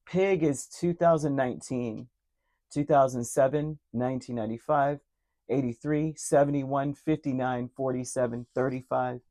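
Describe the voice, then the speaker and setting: Male tarot reader, mellow and dark in tone, emotionally earnest, speaks directly to the listener, repeats key words. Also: medium pitch. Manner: repeats key words, many fillers and restarts. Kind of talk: direct-to-camera tarot reading.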